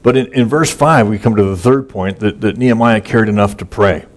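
A man's voice: lowish voice, brisk. A man preaching a conversational sermon that is casual and folksy, with many fillers and repeated words. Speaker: pastor. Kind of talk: sermon, conversational Bible teaching.

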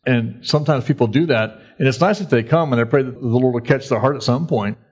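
A man's voice: medium pitch, brisk, husky. Folksy male pastor, dull lo-fi recording. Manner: conversational, folksy, acts out quotes in a raised voice. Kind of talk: sermon.

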